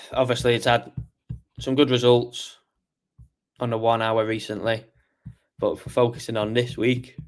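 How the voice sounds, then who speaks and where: A man's voice: medium pitch, little pitch movement, unhurried, pauses often, clean tone. A man hosting a casual market review stream, tired and yawning as he walks through charts and answers chat questions. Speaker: trading show host.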